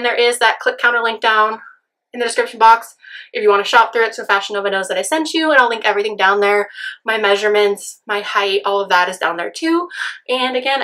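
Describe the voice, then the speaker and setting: A woman with a raspy, hoarse voice from a lingering cold talks through a casual try-on haul vlog. She gushes effusively over each piece, her tone sharp and bright, and her voice sits a little high. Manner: gushing, effusive. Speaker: fashion vlogger.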